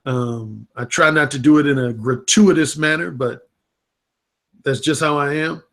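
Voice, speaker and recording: A man's voice: on the high side, unhurried, vocal fry, a bit bright. A man, a dating coach, talking casually and frankly into a livestream webcam, with plenty of blunt, profane language. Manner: frank, unfiltered, profane talk.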